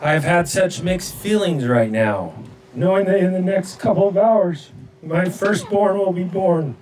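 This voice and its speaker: A middle-aged father reading aloud an old journal entry, with soft chuckles. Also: sits high, measured pace. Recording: distant from mic with clear music behind.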